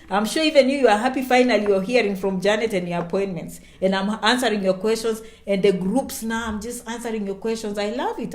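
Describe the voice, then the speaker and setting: A woman's voice: mid-range voice, roomy sound. A woman answering her viewers' questions in a casual livestream. She is chatty and emphatic, repeats herself for effect, and speaks of herself by name. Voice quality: animated, emphatic repetition. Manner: chatty, self-promoting, speaks of herself in third person.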